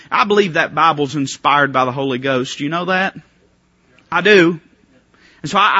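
A man preaching a sermon as pastor, fervent and stop-start, swinging from soft to loud. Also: fairly high pitch, husky, no room sound, lo-fi sound.

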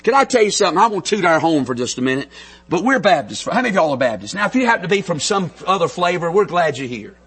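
A middle-aged pastor with a North Carolina drawl preaches fast in a church sanctuary, his pitch swinging widely. His high, bright, slightly husky voice moves fervently from soft, intimate lows to full-on shouting.

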